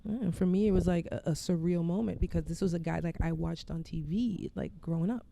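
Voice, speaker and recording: Gravelly-voiced young woman, podcast guest, animated storyteller who acts out every quote. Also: on the low side, a little fast. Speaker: podcast guest, nightlife figure. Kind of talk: casual storytelling chat.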